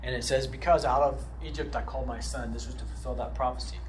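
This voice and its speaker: A man teaching through a book of scripture, animated, often checking in with "right?" and moving between loud emphasis and quiet asides. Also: mid-range voice, fast, slight background noise. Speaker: Bible teacher. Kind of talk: expository Bible teaching.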